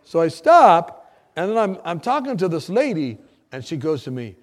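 A man preaching, telling his testimony as a lively story, often laughing and acting out the people in it. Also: fairly high pitch, normal speed. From United States. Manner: animated storyteller, often laughing, acts out shouts.

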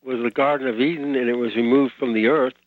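A man calls in to a radio show and thinks his question through out loud. He sounds puzzled. His voice comes through a thin, tinny phone line with a dry sound. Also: mid-range voice, steady tone, fast, no echo. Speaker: caller.

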